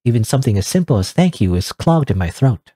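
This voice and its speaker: A man's voice: medium pitch, big pitch swings, fast talker, dark tone, dry recording, clean studio sound. A man reading the inner narration of a timid, self-loathing teenage schoolgirl in a game, in a fragile, apologetic manner. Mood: wistful.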